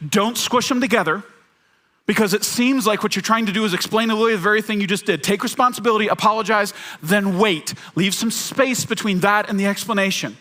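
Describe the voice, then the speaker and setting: A man's voice: sits high, fairly quick, pushed and bright. A man preaching a sermon as pastor, talking conversationally, repeating key phrases and acting out quoted lines.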